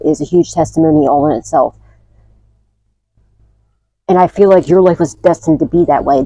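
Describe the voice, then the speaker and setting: A woman's voice: sits low, mellow, no room sound, muffled recording. A woman doing a casual spiritual tarot reading, chatty and blunt, swearing freely and often asking "okay?". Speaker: tarot reader.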